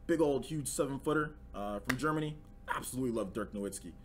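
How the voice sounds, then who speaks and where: A young man hosting a live gaming news stream, chatting casually, slangy and excitable, often repeating himself. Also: medium pitch, fast, a little hiss or hum. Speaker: livestream host.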